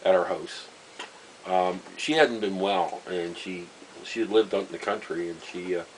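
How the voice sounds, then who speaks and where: A man, telling a personal story in a rambling, halting way, full of fillers and wry chuckles. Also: low-pitched, a little hiss or hum, rough recording. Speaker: vlogger. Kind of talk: casual storytelling monologue.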